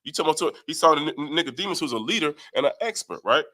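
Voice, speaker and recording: A man's voice: a little high, lively intonation, rapid-fire, pushed and bright. A man leading a Bible study, reading verses aloud and explaining them, often asking "right?". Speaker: Bible teacher. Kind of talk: scripture study talk.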